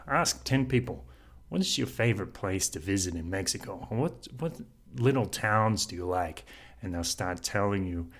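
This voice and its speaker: Deep-voiced man musing with soft laughs. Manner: laughs often while talking, speaks unhurried and earnest. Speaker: podcast host. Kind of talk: reflective solo monologue.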